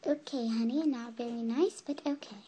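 A child voicing a fussy female pet camp counselor in a toy role-play video, halting with ums. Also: mid-range voice, warm tone, slight background noise, lightly acted. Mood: bossy. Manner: fussy, calls campers honey, halting with ums.

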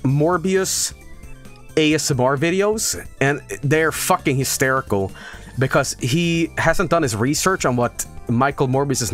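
A man streaming live, joking casually with lots of swearing and laughter. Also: a little high. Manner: profane, joking, often laughing.

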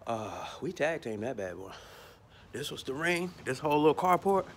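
A man from Georgia, telling a lively story outdoors about his lawn care work, often stumbling over repeated words. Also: mid-range voice, moderate pace, a little hiss or hum. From Atlanta, Georgia. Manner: animated, stumbling repeats, acts out bits. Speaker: lawn care worker filming a vlog. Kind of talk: casual storytelling. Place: outdoors by a carport.

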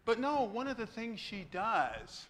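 Bright, lively male pastor preaching. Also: high-pitched, measured pace. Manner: animated preaching with sudden loud exclamations and asides to the congregation. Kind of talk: sermon. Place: church sanctuary.

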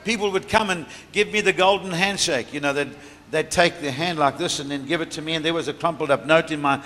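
A man's voice: a little high, brisk, sharp tone. A middle-aged man preaching, telling a story from the pulpit and often laughing as he goes, recorded in a large church hall. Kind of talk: sermon testimony. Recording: reverberant church hall, faint room noise.

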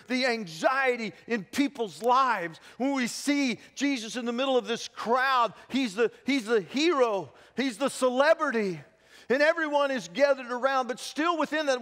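Pastor guy preaching, high voice, acts out all the quotes, big echoey church. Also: fairly bright tone. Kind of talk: sermon. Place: church sanctuary. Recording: long church hall reverb.

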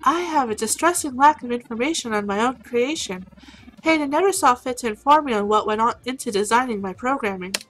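A woman's voice: fairly high pitch, brisk, a bit bright, a little hiss or hum, pitched above the performer's own voice, natural voice, low-quality recording. A woman voicing an earnest small male android who speaks in a formal, precise way.

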